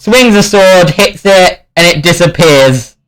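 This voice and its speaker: A man running a tabletop game as game master, animated and laughing often. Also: high voice, takes it slowly, soft background music, rough recording. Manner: animated, laughs often, shouts in-character lines.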